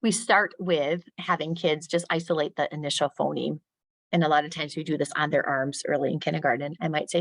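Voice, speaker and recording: A middle-aged woman with a low voice leads a training talk for teachers, recorded dry and close. She sounds out phonemes slowly and crisply, and her voice climbs when she acts out questions to a class. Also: steady tone, fairly bright tone, no room sound. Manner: models speech sounds slowly and crisply, rising when addressing pupils. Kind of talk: professional development talk for teachers.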